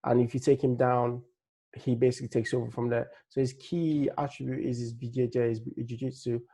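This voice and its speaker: Laid-back man with a gravelly voice. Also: mid-range voice, level tone, fairly quick, mellow. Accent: Nigerian-tinged English. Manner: laid-back, rambling, many fillers and restarts. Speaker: MMA fight analyst. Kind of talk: casual fight-prediction breakdown.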